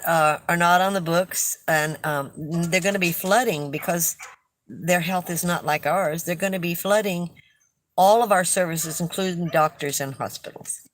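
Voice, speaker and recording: A woman's voice: lowish voice, low-quality recording. An older woman hosting a casual livestream, chatting and telling stories with frequent laughs. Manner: chatty, storytelling, laughs often. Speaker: livestream host reading viewer comments.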